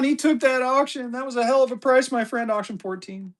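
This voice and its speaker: A man selling collectible banknotes on a live auction stream, talking to his viewers in an excited, chatty way. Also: very high-pitched, fairly quick, few pauses. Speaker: livestream seller.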